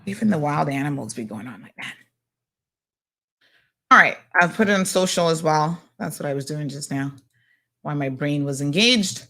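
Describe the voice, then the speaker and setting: A woman hosting a casual local news chat, chatty and animated, full of asides and fillers. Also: sits low, normal speed, pauses often. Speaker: host.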